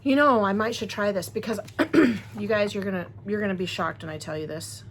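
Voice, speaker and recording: This crochet vlogger from Wisconsin, USA, chats casually with her viewers while unboxing crochet supplies, rambling and friendly. Her medium-pitched voice moves a little fast, and there's a faint hiss or hum.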